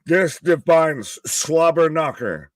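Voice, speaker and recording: A man's voice: on the high side, expressive, takes it slowly, dry recording. A man co-hosting a wrestling live stream, talking in a loose, joking, profane way, outdoors. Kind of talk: casual live-stream chat reacting to a wrestling event. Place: outdoors in afternoon sun.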